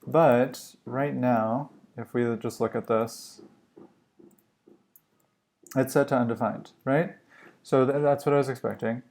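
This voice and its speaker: A man streams himself coding and talks through each step at an unhurried, slow pace. His voice has a gravelly, creaky edge, and he muses and questions himself as he goes. He is recorded close on a desk microphone. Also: medium pitch, steady tone, darkish tone. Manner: musing, halting, self-questioning. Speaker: livestream coder. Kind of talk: thinking aloud while live coding.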